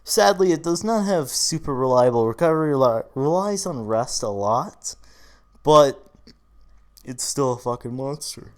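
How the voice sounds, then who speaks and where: A man's voice: mid-range voice, animated, a little slow, a little mellow, clean tone. Tired young man, casual and profane. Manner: casual and profane, rambling with fillers. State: tired, yawning. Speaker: YouTuber doing a draft analysis. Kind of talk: casual commentary.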